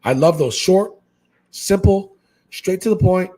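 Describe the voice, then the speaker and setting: Husky-voiced guy from hawaii, chatting on a podcast, keeps saying man, jumps into loud high voices when he quotes people. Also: expressive, unhurried. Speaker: guest, fish-keeping content creator. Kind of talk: casual podcast chat.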